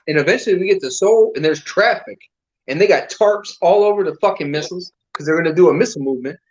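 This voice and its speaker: A man, an army veteran, telling war stories to old comrades in a casual, profane, animated way. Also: high-pitched, quick pace, lo-fi sound. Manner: profane, animated storytelling with acted quotes.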